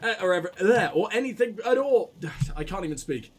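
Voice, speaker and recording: Crude, rambling man with a high voice. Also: fairly quick. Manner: crude, self-mocking, rambling; swings between excited outbursts and low mock-sultry mumbling. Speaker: gaming channel host. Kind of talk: casual let's-play commentary.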